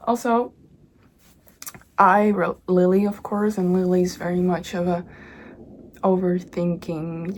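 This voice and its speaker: A woman's voice: medium pitch, measured pace, gravelly, slight background noise. A young woman casually chatting about her own book at home, rambling, bubbly and easily sidetracked. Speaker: author and vlogger. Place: home indoors.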